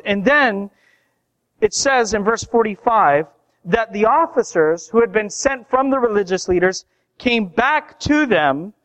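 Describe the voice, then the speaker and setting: A man preaching a sermon in a conversational way, getting louder and higher to stress key points. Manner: conversational preaching, rising loud for emphasis. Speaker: pastor.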